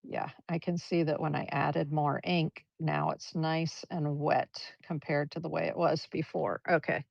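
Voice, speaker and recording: Gravelly-voiced woman teaching live painting. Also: low voice, little pitch movement, unhurried, no echo. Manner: chatty, encouraging, talks through each brushstroke. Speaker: art teacher. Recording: dull, lo-fi livestream audio.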